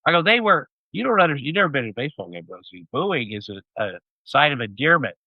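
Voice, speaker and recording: Male guest, sixties, mid pitch, rambling anecdotal delivery, dry and slightly muffled sound. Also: sing-song, quick pace, no echo. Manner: rambling anecdotes with many fillers. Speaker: interview guest. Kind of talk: casual storytelling. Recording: dull, slightly muffled audio.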